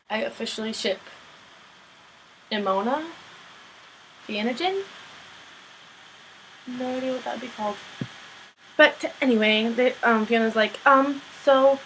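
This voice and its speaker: A woman's voice: fairly high pitch, measured pace, pauses often, a little hiss or hum, poor audio. A young woman recapping a TV episode in a loose, rambling vlog, full of fillers and casual swearing. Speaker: show recapper.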